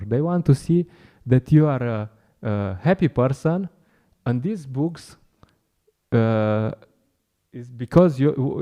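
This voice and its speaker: A man's voice: mid-range voice, dark tone. A man giving an informal, chatty talk at a temple class, laughing often and acting out encounters with people on the street.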